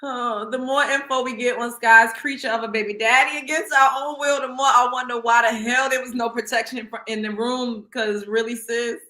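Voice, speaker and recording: A woman hosting a live celebrity gossip show, talking in a blunt, profane and animated way. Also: a little high, fairly quick, few pauses, echoey room. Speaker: host.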